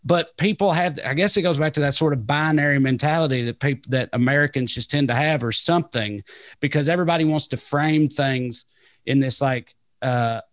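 Man, co-host, rambling casual chat, fairly high voice, dry sound. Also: brisk, no echo. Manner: rambling, with fillers and swearing. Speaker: podcast co-host.

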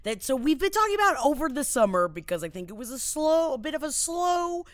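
A woman co-hosting a casual pop-culture chat, animated and joking, talking in quick bursts. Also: sits high, no room sound, clean studio sound. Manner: animated, quick bursts, self-mocking jokes. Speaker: podcast co-host.

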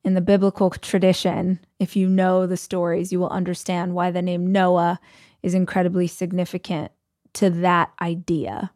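A woman's voice: fairly low pitch, monotone, moderate pace, warm tone, dry recording, studio quality. A woman hosting a podcast, telling a personal story in a conversational, emotional way with many fillers. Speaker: podcast host.

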